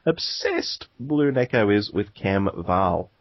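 An Australian man co-hosting a casual gaming podcast, easygoing and quick to chuckle. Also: lowish voice, animated, dry recording, highs cut off. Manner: easygoing, laid-back, chuckling. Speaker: podcast co-host. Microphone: home podcast microphone.

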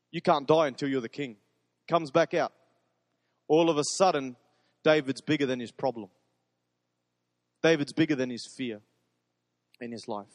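Male pastor, fairly high voice, emphatic sermon delivery, long reverb tail. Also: studio quality. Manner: earnest, emphatic, repeats phrases for stress.

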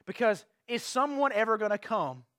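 A man's voice: high-pitched, very animated, moderate pace, fairly bright tone, dry recording, clean studio sound. A man preaching an evening sermon to his congregation. He is earnest, repeats and restarts phrases, and puts questions to the listeners. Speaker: pastor. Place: church sanctuary.

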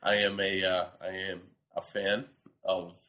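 A man's voice: sits low, level tone, unhurried, crowd noise. A man of about thirty from New Hampshire, a podcast guest with a cold, whose voice comes out nasal as he talks in a dry, sarcastic way. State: has a cold. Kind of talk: casual chat.

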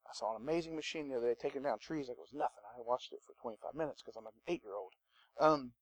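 High-voiced preacher, dry sound. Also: male voice, no room sound. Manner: animated, conversational preaching with asides to the congregation. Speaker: pastor. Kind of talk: sermon.

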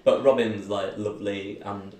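A man's voice: fairly low pitch, steady tone, normal speed, dark tone, roomy sound. A man telling a personal story in a casual interview, chatty and laughing often, acting out the people in his story.

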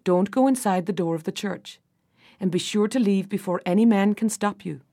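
A woman voicing a gentle, motherly old woman who helps the heroine, in a storybook reading. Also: mid-range voice, normal speed, dry recording, clean studio sound, lightly acted. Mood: kindly. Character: kindly old woman, a fairy-godmother helper.

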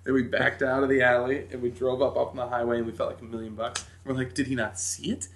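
A man with a medium-pitched voice talks fast, with a little hiss or hum in the background. He's a podcast guest from New Hampshire, telling a story in casual conversation and animatedly acting out the quotes.

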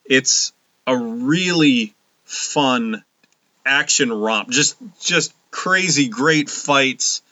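A male podcast co-host chatting casually with quick, joking banter. His voice has a bright, forceful edge. The recording is dry and a little dull. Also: medium pitch, no echo. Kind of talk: casual chat.

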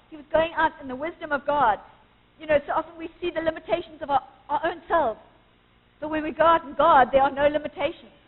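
A woman preaching a sermon at a church service, earnest and emphatic, quoting scripture with rising force. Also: high voice. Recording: tinny phone-like sound with long church reverb.

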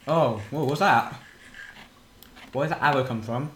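A man's voice: medium pitch, a little slow. A man chatting casually while playing a game, joking and crude. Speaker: gamer. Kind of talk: casual gaming chat. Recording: roomy home mic with faint noise.

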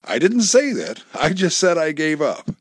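A man's voice: big pitch swings, normal speed, husky, no echo, studio quality. A man reading a story aloud, voicing an exasperated wife who scolds her husband in a raised, pleading voice. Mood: resigned. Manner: pleading, scolding, higher pitched.

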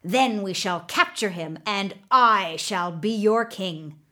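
Brief: woman doing a loud scheming villain chieftain for a storybook. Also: medium pitch, takes it slowly. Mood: defiant. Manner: shouting, scheming. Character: rebellious male chieftain, boastful villain.

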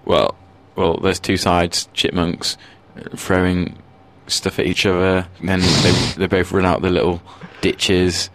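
A man with a very low voice co-hosts a comedy radio show. He muses hesitantly and deadpan, restarting his sentences as he goes. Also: takes it slowly, hardly any pauses. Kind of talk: comic banter on a radio show.

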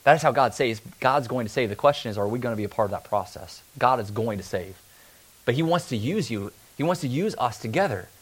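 A man preaching a sermon in a relaxed, conversational way, often slipping into quick acted-out asides. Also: medium pitch. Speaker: pastor.

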